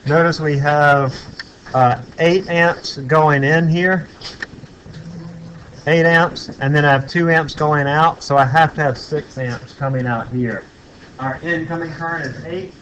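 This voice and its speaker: A man lecturing a physics class in a relaxed, joking way, thinking aloud with fillers as he works through problems. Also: fairly high pitch, muffled recording, slight background noise.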